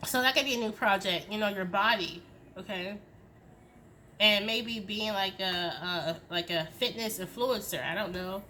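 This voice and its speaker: Bright-voiced woman giving a tarot reading. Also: medium pitch, moderate pace, slight background noise. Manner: emphatic, swearing, tough-love pep talk; many "okay?" tag questions. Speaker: tarot reader. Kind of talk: casual tarot reading to camera.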